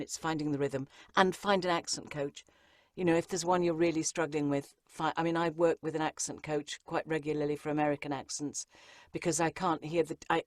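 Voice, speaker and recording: A chatty woman narrator with a low-pitched voice speaks in a lively, rambling way, full of ums and asides. The sound is close and dry, with no room around it. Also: no echo. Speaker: audiobook narrator, guest. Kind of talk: conversational interview answers.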